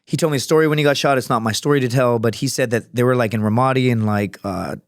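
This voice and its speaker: A man who is a podcast guest, telling stories in a casual, profane and animated way, acting out other people's voices as he goes. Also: mid-range voice, quick pace, no room sound, clean studio sound. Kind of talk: casual storytelling. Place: podcast studio.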